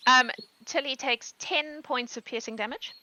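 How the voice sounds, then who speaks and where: A woman's voice: sits high, normal speed, sharp tone, rough recording. A woman running a tabletop game as game master, narrating with many fillers.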